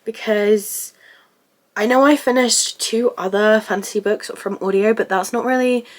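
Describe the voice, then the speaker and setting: A young woman vlogging about her reading, sounding sick and rough-voiced, gushing and emotional as she talks to the camera. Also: medium pitch, fairly even intonation, normal speed. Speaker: book vlogger. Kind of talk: casual reading vlog.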